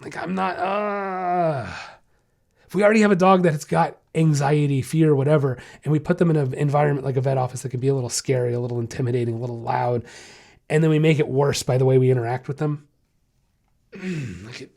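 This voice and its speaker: A dog trainer hosting a podcast about dogs tells a story in a casual monologue, blunt, frank and emphatic. His voice is a little high, brisk, creaky and darkish.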